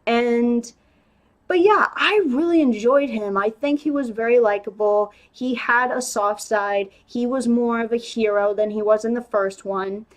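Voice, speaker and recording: A young woman giving a casual spoken movie review, chatty and animated, with lots of "like"s and restarts. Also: fairly high pitch, unhurried.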